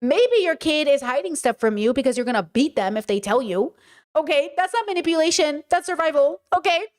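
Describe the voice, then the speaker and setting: A woman's voice: high-pitched, expressive, fairly quick. A woman hosting a casual livestream, talking emphatically with rhetorical questions and answering her chat. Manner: many fillers and restarts, rhetorical questions. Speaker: streamer and podcast host.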